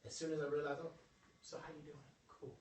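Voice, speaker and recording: A young man giving an informal motivational talk to a small group, lively and joking in a preacherly way, calling on his audience. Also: fairly high pitch, quick pace, background noise. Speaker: motivational speaker. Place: indoor room with a small audience. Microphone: phone livestream from across the room. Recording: echoey room, voice from a distance.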